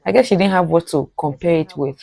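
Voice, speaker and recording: Woman, reaction commentary, low gravelly voice, mellow tone, emphatic interjections. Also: a little fast, no room sound, low-quality recording. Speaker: reaction video host.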